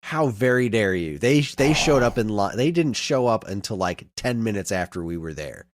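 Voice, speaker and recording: A man in his thirties co-hosting a podcast, telling a long story in casual chat and getting animated as he retells it. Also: lowish voice, moderate pace, no echo. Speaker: podcast co-host.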